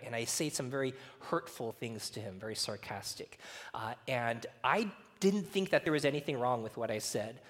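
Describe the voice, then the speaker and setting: Male preacher, casual and chatty, mid-pitched, long hall reverb. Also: fairly bright tone. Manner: chatty, laughing, frequent fillers and "right?". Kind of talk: casual sermon with personal stories.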